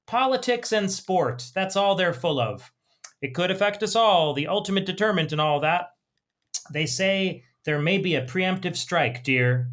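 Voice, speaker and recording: A man's voice: high voice, animated, unhurried, fairly bright tone, voice pushed up. A man voicing a genial retired elderly husband, reading his lines in a plain, mild way.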